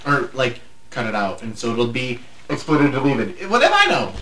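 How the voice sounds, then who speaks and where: A man's voice: mid-range voice, huge pitch swings, normal speed, bright, forceful tone. Dry sarcastic man in a roomy space. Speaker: podcast co-host and editor. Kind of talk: casual podcast chat. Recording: roomy echo, faint hiss.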